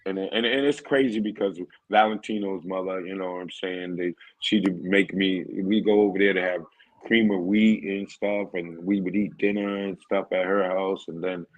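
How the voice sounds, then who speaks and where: A man telling stories on a podcast as a guest in casual chat, lively and often asking "you know what I mean". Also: low-pitched, normal speed, rough recording. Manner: animated, often acts out quoted voices.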